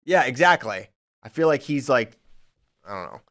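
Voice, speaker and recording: Teasing talk-show co-host, mid voice. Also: male voice, mid-range voice, big pitch swings, normal speed, fairly bright tone. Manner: teasing, joking banter. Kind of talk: casual chat.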